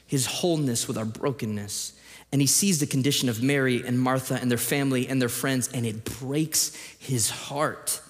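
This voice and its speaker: A man preaching a sermon as a pastor, moving between quiet scripture reading and loud, animated emphasis. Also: mid-range voice. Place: church auditorium. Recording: long reverb of a large hall.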